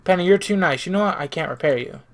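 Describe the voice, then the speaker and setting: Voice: medium pitch, fast talker, natural voice. A streamer reading the part of an awkward, grateful young man down on his luck in a visual novel, dry and self-mocking. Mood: earnest.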